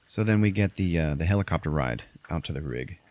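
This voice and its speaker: A man hosts a podcast, retelling a movie plot in loose, profane chat and briefly acting out characters in exaggerated high voices. His voice sits low. The sound is dry and close, with no room around it. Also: animated, fairly quick, a little mellow, no echo. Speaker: podcast host recapping a movie. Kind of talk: casual chat.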